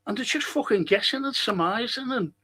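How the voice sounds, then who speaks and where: A man's voice: very high voice, animated, fairly quick, sharp tone, husky. A man hosting a casual live podcast, reading out comments and telling rambling stories with plenty of swearing. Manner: rambling storyteller, swears freely. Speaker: podcast host.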